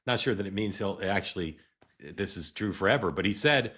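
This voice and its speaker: A middle-aged man hosting a live political news show, talking in a halting way with many "uh"s and restarts. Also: deep voice, lively intonation, a bit bright. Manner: halting, filler-heavy delivery with frequent "uh" and restarts. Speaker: host.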